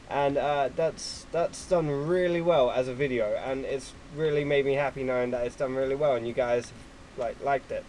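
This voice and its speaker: A man giving casual gameplay commentary at his computer, excitable and quick to swear at opponents. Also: medium pitch, a little hiss or hum, rough recording. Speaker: gaming YouTuber.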